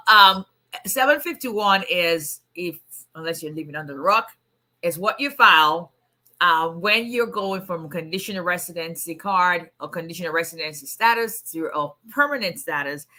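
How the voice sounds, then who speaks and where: Woman lawyer host, voice worn hoarse, lower pitch but bright and forceful, chatty and welcoming. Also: lively intonation, normal speed. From immigrant to the US. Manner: chatty, greets viewers by name. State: hoarse, voice nearly gone. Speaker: immigration attorney. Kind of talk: casual livestream chat.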